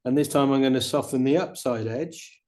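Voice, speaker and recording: A middle-aged man teaching watercolor painting, chatting in a relaxed way and explaining each step as he paints. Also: medium pitch, brisk. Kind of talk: painting demonstration.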